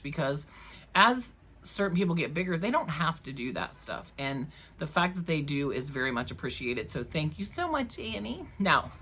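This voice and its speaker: Woman, craft vlog host, low husky voice, lively swinging intonation, chatty, laughs often. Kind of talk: casual chat to camera. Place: crafting room at home.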